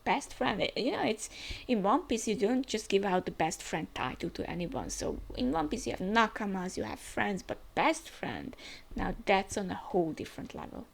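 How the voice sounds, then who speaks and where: Sex: woman. Role: manga reaction host. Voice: gravelly with vocal fry, lively intonation. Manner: chatty, musing, hesitant. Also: mid-range voice, normal speed. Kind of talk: casual manga reaction commentary.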